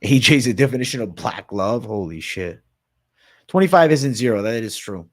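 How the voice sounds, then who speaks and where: This livestream host has a medium-pitched voice with lively intonation and speaks at a moderate pace in a Boston accent. Born in Massachusetts and raised in Florida, he casually reads and responds to chat, cursing plenty and calling people "bro."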